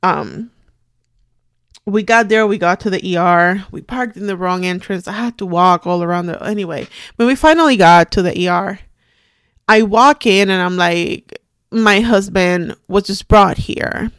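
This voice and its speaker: A middle-aged woman hosting a podcast, telling a personal story in a halting, quiet, shaken way with many restarts. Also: medium pitch, smooth, dry recording, clean studio sound. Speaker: podcast host.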